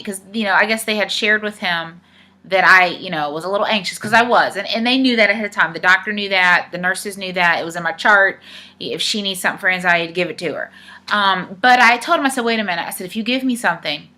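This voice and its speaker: Bright-voiced woman telling a story. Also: mid-range voice. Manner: chatty, retells dialogue with many "I said", "he's like". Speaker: vlogger. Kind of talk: casual storytelling to camera.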